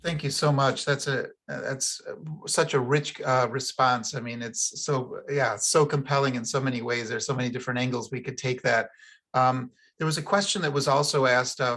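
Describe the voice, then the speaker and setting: A man hosting an online Q&A, thanking the author and asking questions with fillers. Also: mid-range voice. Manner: warm, appreciative, with fillers. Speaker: session host. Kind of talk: moderating an online Q&A. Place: home, on a video call. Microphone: video call microphone.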